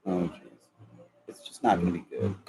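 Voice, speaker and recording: A man's voice: sits low, steady tone, normal speed, background noise. A man rambling casually in a vlog, joking and laughing often as he talks. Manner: laughs a lot, drawling, joking. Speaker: vlogger.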